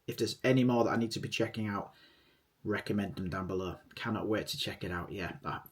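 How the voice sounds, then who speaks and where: Rambling, enthusiastic reaction-channel host. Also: male voice, lowish voice. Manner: rambling and enthusiastic, repeats himself. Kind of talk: casual reaction commentary.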